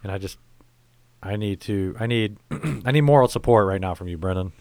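A middle-aged man with a lowish voice talks on a casual podcast, rambling through stories with plenty of swearing. He sounds exasperated. The recording is dry and close. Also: moderate pace, gravelly, a little mellow, dry recording. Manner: rambling, profane, exasperated storytelling. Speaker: podcast host. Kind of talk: casual profane podcast chat.

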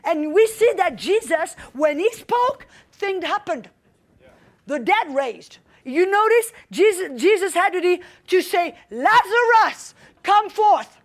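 A woman preaches with a very high, piercing voice. She speaks with fervour, drops in call-and-response "amens", and climbs into shouted exclamations at her peaks. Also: very animated, slow. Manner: fervent, builds to shouting exclamations; frequent "amen" and call-and-response. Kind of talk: sermon.

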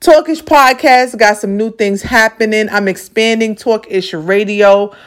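A woman's voice: mid-range voice, a little slow, smooth. Emphatic, profane woman podcast host. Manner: emphatic, repetitive, profane, preacherly. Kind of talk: motivational monologue.

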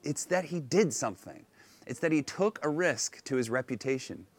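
Man preaching an animated outdoor sermon. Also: on the high side, moderate pace. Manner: animated storytelling, acting out characters' lines. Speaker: pastor. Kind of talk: sermon retelling a Bible story. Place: outdoors on location.

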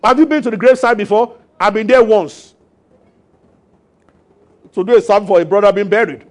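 A man preaching a sermon as pastor, animated and acting out voices. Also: sits high, brisk. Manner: animated, acts out voices and laughs with the congregation.

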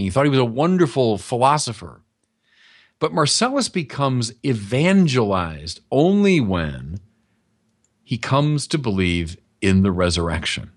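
A man preaching a sermon in an emphatic, animated way, speeding up and slowing down for effect. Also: mid-range voice.

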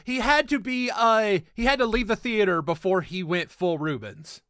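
A man co-hosting a casual podcast chat, animated and swearing as he argues his points. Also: high voice, moderate pace, no echo, studio quality. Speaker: podcast co-host.

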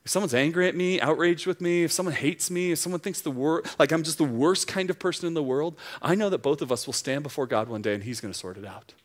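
A man's voice: on the high side, fast, few pauses. A man preaching a sermon to young adults, earnest and emphatic, building his points through repeated phrases.

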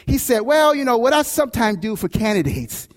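A male pastor preaching a sermon, telling a personal story with lively, animated delivery. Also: very high-pitched, a little fast, in a large hall. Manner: animated storytelling with shouts and laughs.

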